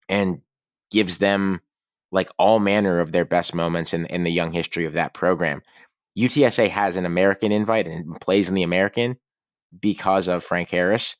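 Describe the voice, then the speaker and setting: A man with a deep, low-pitched voice hosts a college football podcast in an easy, conversational way. He moves from game chat into upbeat sponsor reads. The sound is dry and close, with no room around it. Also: smooth, dry recording. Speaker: podcast co-host. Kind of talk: casual sports podcast talk.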